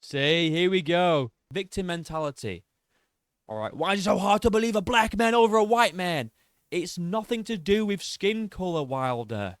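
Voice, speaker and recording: A man's voice: high-pitched, lively intonation, normal speed, clean tone, no room sound, studio quality. Sarcastic man mocking a clip. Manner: mocking, sarcastic, swears freely, laughs at the clip. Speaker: reaction commentator. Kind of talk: video reaction commentary.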